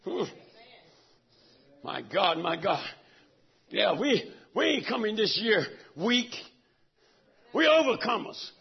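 Middle-aged preacher, very high raspy voice, dull lo-fi church recording. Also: male voice, very animated, takes it slowly, long pauses. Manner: preaches fervently, swinging from soft talk to shouts. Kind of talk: sermon. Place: church sanctuary.

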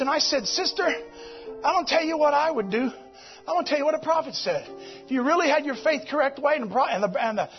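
A man preaching a fervent sermon at a church service, shouting exhortations and calling out to the congregation. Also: extremely high pitch, lo-fi sound. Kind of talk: Pentecostal-style sermon.

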